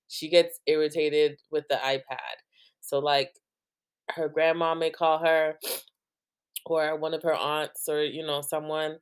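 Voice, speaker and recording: Young woman, low voice, casual podcast host, rambling, lots of "like", laughs often. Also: clean tone. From New Jersey. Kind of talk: casual chat.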